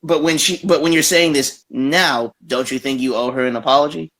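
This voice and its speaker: A man's voice: fairly high pitch, steady tone, moderate pace, a bit bright. A man on an online panel asking pressing, direct questions. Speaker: panel participant.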